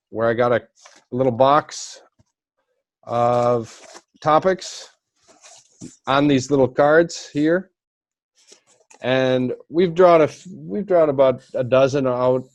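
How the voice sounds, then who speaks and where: A man hosting a casual podcast interview, talking in a loose, rambling way. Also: mid-range voice. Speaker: host.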